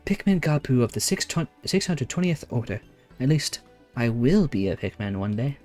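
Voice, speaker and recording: A man's voice: medium pitch, sing-song, normal speed, a little mellow, soft background music, natural voice. A man voicing a small, frightened kobold boy in a game, pleading with repeated words.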